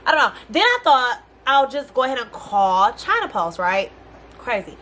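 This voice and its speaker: A young woman vlogging a casual storytime rant, animated and exasperated, swearing freely in slangy speech. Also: high-pitched, normal speed, slight background noise.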